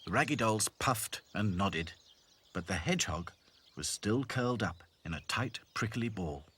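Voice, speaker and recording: A man narrating a children's cartoon storybook with expressive, lively storytelling. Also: lowish voice, measured pace, slightly rough.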